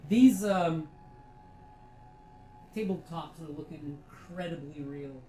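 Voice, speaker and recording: A woman's voice: low-pitched, slow pace, mellow, rough recording. A woman giving casual, enthusiastic commentary while playing a virtual reality game, chatty and swearing freely. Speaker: VR game reviewer.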